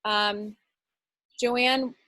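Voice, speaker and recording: A woman's voice: a little high, steady tone, drawn-out words, sharp tone, dry recording. A woman leading an online workshop over a video call, chatty and encouraging, talking in loose, rambling sentences. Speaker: workshop facilitator. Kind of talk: casual online workshop talk.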